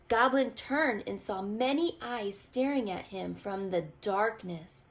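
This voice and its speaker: A woman teacher reading a storybook aloud to young children, expressive and pointing out pictures. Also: mid-range voice. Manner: expressive, slow, asks children to look. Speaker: pre-K teacher.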